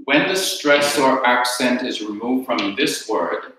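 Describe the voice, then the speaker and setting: A man teaching a class, explaining slowly and repeating each point step by step. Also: mid-range voice, sharp tone, a little hiss or hum. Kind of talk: classroom lecture with questions. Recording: very echoey classroom.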